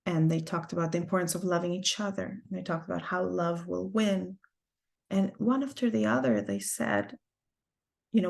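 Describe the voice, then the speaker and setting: A woman teaching an online class over a video call, telling a personal story earnestly and with deep feeling. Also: expressive, normal speed, creaky, a little mellow. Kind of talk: heartfelt personal talk to a class.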